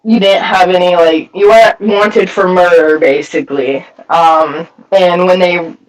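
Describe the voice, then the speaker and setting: Guy with a pretty high voice sharing his story at a recovery meeting, cusses a lot, sounds kinda far off the mic. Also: fairly even intonation, unhurried. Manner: blunt, profane storytelling full of fillers. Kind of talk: candid personal testimony at a recovery meeting.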